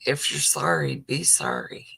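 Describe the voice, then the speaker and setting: Slow, gravelly middle-aged woman chatting. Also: low voice, wildly swooping pitch, pushed and bright. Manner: rambling, heavy use of "you know", answers viewer comments. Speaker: livestream host. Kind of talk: casual livestream chat.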